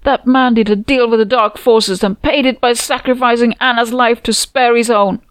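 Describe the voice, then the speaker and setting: A woman's voice: on the high side, steady tone, moderate pace, clear, resonant tone, no echo, voice pushed up, lightly acted. A woman doing a shrieking fanatical mother. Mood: shrieking rant. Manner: hysterical, ranting.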